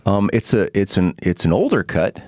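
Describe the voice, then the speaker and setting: A man's voice: deep voice, moderate pace, no echo, clean studio sound. A man hosting a podcast, telling stories casually and acting out quotes with frequent laughs. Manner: animated storyteller, acts out quotes, laughs often. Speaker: podcast host.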